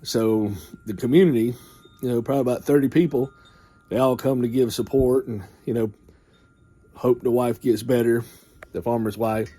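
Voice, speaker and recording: A man casually retelling a folksy farm story in a rambling way, often clearing his throat. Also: mid-range voice, steady tone, moderate pace, warm tone.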